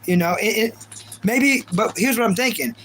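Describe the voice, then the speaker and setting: Earnest Kentucky man, higher pitch, livestream chatter with a soft hum underneath. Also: moderate pace, low-quality recording. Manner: rambling, earnest, reads viewer comments aloud. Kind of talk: casual live stream chat with viewers.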